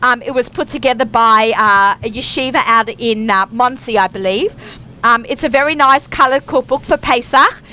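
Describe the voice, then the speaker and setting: A woman's voice: a little high, moderate pace, bright, forceful tone. A middle-aged woman from Australia hosting a radio show, chatting in a bubbly way with many fillers, recorded live in a busy store. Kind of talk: casual chat. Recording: faint store noise behind.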